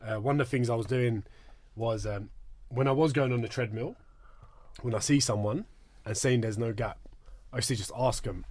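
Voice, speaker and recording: A man's voice: medium pitch, moderate pace, long pauses, a little mellow. A man hosting a casual podcast chat, bantering with slang and teasing his guests. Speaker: podcast host.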